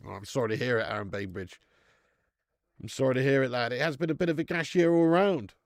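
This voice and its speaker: A man's voice: medium pitch, fast talker, dry recording. Matey man with a Dorset accent. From Dorset, England. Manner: chatty and matey, calls viewers "lad" and "mate"; swears freely and laughs often. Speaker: football watch-along host. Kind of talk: casual live commentary and chat reading.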